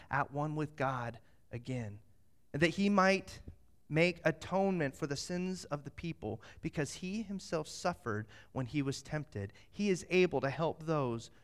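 A middle-aged man preaching a sermon, moving from slow scripture reading to lively, animated storytelling. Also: fairly high pitch. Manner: animated storytelling, acts out quotes. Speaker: pastor.

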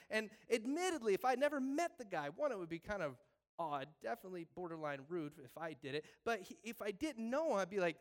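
Animated high-voiced male preacher. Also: fast. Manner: animated, acts out voices of biblical figures. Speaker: pastor. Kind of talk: sermon.

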